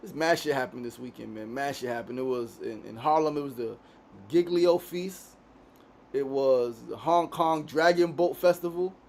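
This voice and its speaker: A Queens, New York man hosts a casual daily podcast from a studio, speaking at medium pitch and normal speed with a slightly mellow sound and a faint hiss or hum. He's laid-back, swears freely, and keeps ending sentences with "right?"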